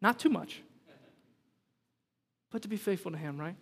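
A man preaching a sermon as pastor, moving between relaxed storytelling asides and animated, rising emphasis. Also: sits high, normal speed, gravelly, breathy edge, in a large hall.

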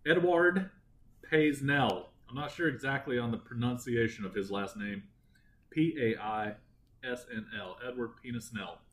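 A man's voice: medium pitch, normal speed, fairly bright tone, low-quality recording. Joking, crude male podcast host. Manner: joking, crude, laughing often. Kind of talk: casual true-crime podcast chat.

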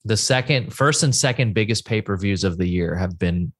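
A man's voice: on the low side, lively intonation, normal speed. A man co-hosting a podcast in casual chat, making dry, sighing comments. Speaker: podcast co-host.

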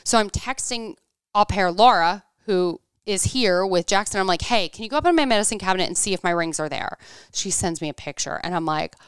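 Woman, thirties, animated storyteller, very clear resonant voice, dry studio sound. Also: medium pitch, brisk, no echo. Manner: animated storyteller, acts out quotes, frequent "like". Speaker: guest telling a story. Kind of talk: casual chat.

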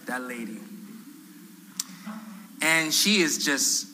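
Male pastor, fairly high, very bright and forceful tone, lively storyteller who acts out quotes with humor. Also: extremely slow, slight background noise, low-quality recording. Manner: animated, acts out quoted voices, self-deprecating humor. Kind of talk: storytelling sermon. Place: church sanctuary.

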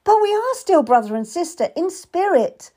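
A woman reading the lines of a spirited young Tudor lady, high-pitched and emphatic in her protests. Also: big pitch swings, normal speed, a little mellow. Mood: protesting.

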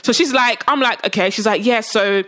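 A woman's voice: a little high, normal speed. A woman telling a long story in casual chat, acting out the quoted lines in different voices. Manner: animated, acts out quoted dialogue with voice changes.

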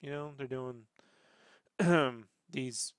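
A man's voice: mid-range voice, drawn-out words, clean tone, dry recording, clean studio sound. A man hosting a casual chat, telling rambling stories full of swearing. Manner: rambling, profane storytelling. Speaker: podcast host.

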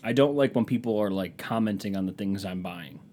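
A man's voice: lowish voice, fairly quick, mellow, a little hiss or hum. A man telling stories in a casual monologue, sardonic and profane, mimicking people in mocking voices.

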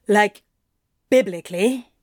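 A woman's voice: medium pitch, slow, a little mellow, no room sound, close to an everyday voice. A woman voicing a sardonic young male salesman with a dry, sarcastic manner.

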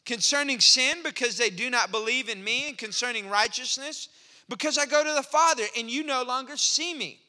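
A man with a very high, very bright voice preaches a sermon in an animated, playful way. He sometimes slips into mock back-and-forth with his listeners. His voice rings through a large church hall with a long reverb. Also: a little fast. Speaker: pastor.

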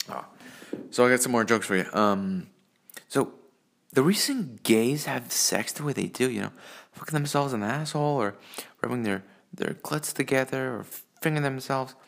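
Recorded on a phone, a man rambles through crude personal stories and jokes in a monologue that's profane and packed with fillers. His mid-range voice is creaky and a bit bright.

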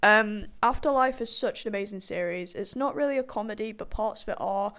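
A woman's voice: medium pitch, a little fast, fairly bright tone. A young woman rambling in a casual chat, full of fillers and frequent laughter. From partially Irish background.

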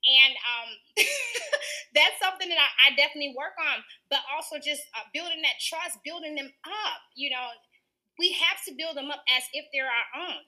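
A woman's voice: sits high, lively intonation, moderate pace, sharp tone. A woman in her thirties, a teacher, answering interview questions in an earnest way and laughing often.

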